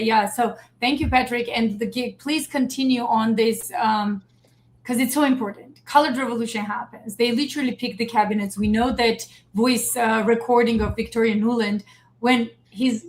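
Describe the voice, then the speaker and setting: A woman hosting a casual political talk stream, animated and emphatic as she speaks straight to her viewers. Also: fairly high pitch, normal speed, rough recording. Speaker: show host. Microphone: streaming setup.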